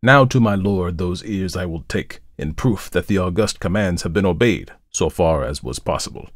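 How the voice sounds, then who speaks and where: A man voicing a grim male ghost warrior with a deep, gruff voice, speaking slowly and deliberately. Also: lively intonation, no room sound, studio quality. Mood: grim muttering. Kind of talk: storybook narration.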